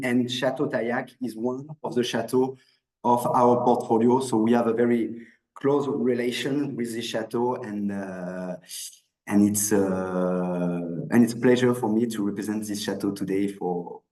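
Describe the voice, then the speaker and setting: A man's voice: medium pitch, darkish tone, roomy sound, low-quality recording. French-accented man presenting on a video call. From France. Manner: hesitant, many restarts and fillers. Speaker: wine merchant presenter. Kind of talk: online wine presentation.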